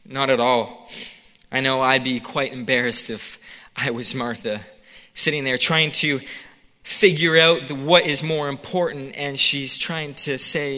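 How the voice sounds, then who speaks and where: A man's voice: mid-range voice, steady tone, unhurried, sharp tone, long reverb tail. A man preaching a sermon in a conversational way, acting out the scene with quoted voices.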